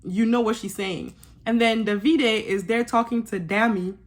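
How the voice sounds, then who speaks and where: A young woman giving a sassy, animated recap of a reality show, with laughing asides. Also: fairly high pitch, normal speed. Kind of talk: casual recap commentary.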